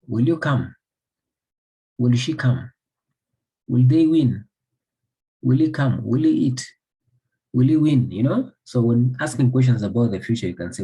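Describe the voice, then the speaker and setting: A man's voice: mid-range voice, animated, a little slow, pauses often, warm tone, breathy edge, rough recording. A man from Somalia, teaching an English grammar lesson by repeating example sentences and asking the class questions.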